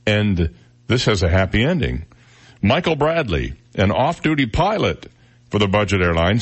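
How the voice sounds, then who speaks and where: A man hosting a radio talk show, chatting and joking as he reads out news stories. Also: medium pitch.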